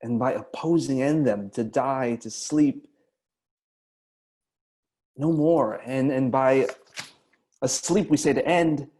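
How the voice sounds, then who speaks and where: A man voicing a brooding young prince in a classical verse recitation, phrasing the lines in a measured, deliberate way. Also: medium pitch, mellow, close to an everyday voice. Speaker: actor in a masterclass.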